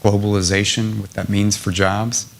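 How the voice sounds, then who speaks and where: A man's voice: on the low side, flat delivery, normal speed, creaky, slight background noise. A middle-aged man from South Carolina answering a question at a public lecture, earnest and building to emphatic lists. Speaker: guest speaker at a public lecture.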